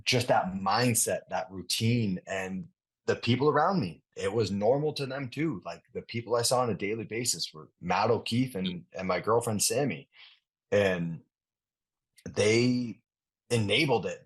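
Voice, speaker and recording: A man's voice: fairly low pitch, unhurried, slightly rough. A man, a former athlete casually telling a story in an interview, rambling and swearing freely. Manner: rambling, relaxed, casual swearing, many restarts. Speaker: interview guest, retired athlete.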